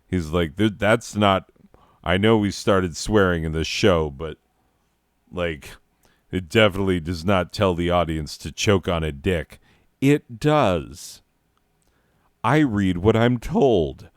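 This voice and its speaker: A man narrating a comic story in a deadpan, profane, self-mocking way, breaking off into rants. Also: sits low, slow, dry recording, clean studio sound. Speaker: comedic narrator.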